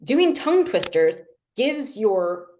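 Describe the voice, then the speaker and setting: A woman's voice: on the high side, big pitch swings, takes it slowly, a little mellow. A young adult woman casually teaching language learning on a livestream, chatty and self-deprecating, with lots of fillers.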